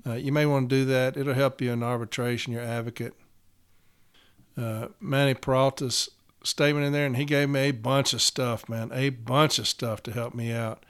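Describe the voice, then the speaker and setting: A man's voice: mid-range voice, flat delivery, moderate pace, clean tone. A man, a union steward talking blunt and profane in a casual podcast monologue, getting fired up.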